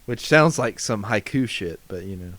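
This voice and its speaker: A man's voice: fairly low pitch, lively intonation, normal speed, fairly bright tone, dry recording. A laid-back young man co-hosting a casual livestream podcast, agreeable and reading chat aloud. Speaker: podcast co-host.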